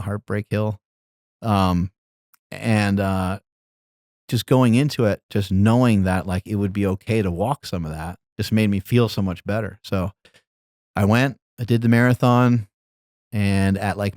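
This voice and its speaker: A man's voice: lowish voice, no room sound, studio quality. Laid-back man telling rambling stories. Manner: relaxed, rambling, laughs while telling stories. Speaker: podcast guest. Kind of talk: casual storytelling.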